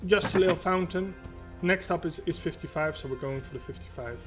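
This let's play host has a higher-than-average male voice and talks fairly quickly. He rambles casually about his own gameplay, addressing himself and the game, while loud game music plays.

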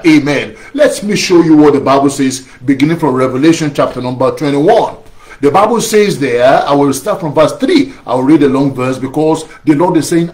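A man preaching a sermon as pastor, stretching key phrases slowly and rising to emphatic shouts as he prays. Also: medium pitch.

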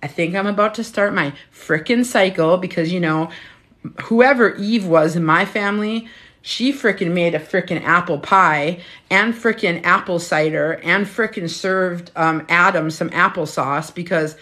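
A woman's voice: lowish voice, measured pace, fairly bright tone. A woman in her fifties, a menopause health coach, chatting casually and frankly on a phone at home, swearing freely. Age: 50s. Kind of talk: casual live-stream chat.

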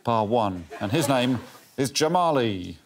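A man's voice: medium pitch, lively intonation, measured pace, a little hiss or hum. A man acting as a comedy show's assistant, reading out scores and explanations in a dry, matter-of-fact, slightly apologetic way. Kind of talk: deadpan score announcements and studio banter. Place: TV studio with a live audience.

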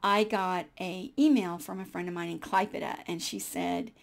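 Woman in her sixties, gravelly storyteller. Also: fairly low pitch, normal speed. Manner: animated, drops to whispers for hushed moments; chatty with frequent fillers and small laughs. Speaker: host telling a personal faith story. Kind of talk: personal storytelling.

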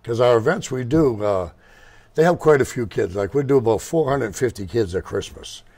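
A man's voice: medium pitch, animated, moderate pace, a little mellow, breathy edge. An older man who owns a motorcycle shop, telling rambling, digressive stories as a guest in an interview. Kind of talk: casual storytelling interview.

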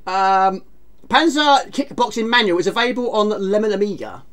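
A woman's voice: mid-range voice, expressive, moderate pace. A woman streaming a retro game, chatting casually, teasing herself and greeting viewers from chat. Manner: chatty, self-mocking, reads chat aloud.

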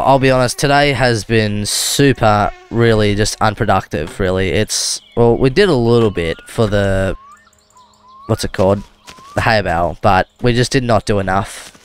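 A man's voice: fairly low pitch, clear, resonant tone. A man with an Australian accent giving loose, rambling gameplay commentary, often correcting himself mid-sentence. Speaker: gaming video host. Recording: car engine noise behind.

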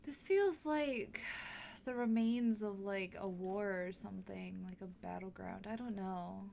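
A woman's voice: mid-range voice, unhurried, gravelly, mellow, a little hiss or hum. A woman streaming a game live, thinking aloud with wonder and gasping when startled. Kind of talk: casual live gameplay reaction. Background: game music.

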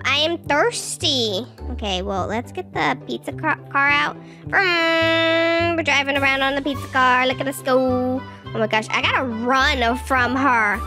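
A woman gives excitable, silly gaming commentary in a high, squeaky voice. Her voice swoops wildly up and down as she pleads and whines in character as a baby. Upbeat children's music runs underneath. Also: measured pace. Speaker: gaming video creator. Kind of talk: playful gaming commentary, role-playing a baby. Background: children's game music.

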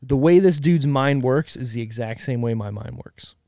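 A young man co-hosting a casual podcast, teasing his friends with quick banter. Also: medium pitch, dark tone, no room sound, clean studio sound. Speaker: podcast co-host. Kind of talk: casual chat.

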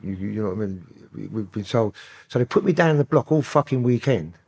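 A man's voice: lowish voice, animated, fast, creaky, a little mellow, breathy edge. A man with a London accent, a podcast guest telling stories in profane, rambling street talk. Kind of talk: casual storytelling interview.

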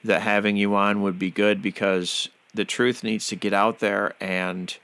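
A man's voice: on the low side, level tone, a little slow, a bit bright, smooth, dry recording. A man hosting a podcast interview, who talks in a fervent, preachy way and often uses religious phrases. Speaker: podcast host.

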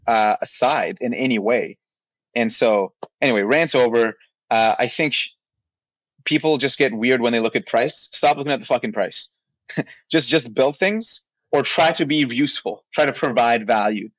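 A man co-hosting a podcast vents in a heated, casual rant, swearing bluntly and sounding fed up as he makes his case. His pitch is ordinary, and the recording is dry and a little muffled, with a lo-fi quality.

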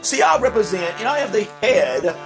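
A man's voice: high-pitched, big pitch swings, normal speed, creaky, music in the background, heavily acted. A man doing a pompous corporate board chief.

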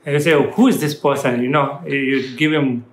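A man's voice: medium pitch, moderate pace, a little hiss or hum. A man hosting a talk show, conversationally reading out viewers' questions. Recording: echoey room.

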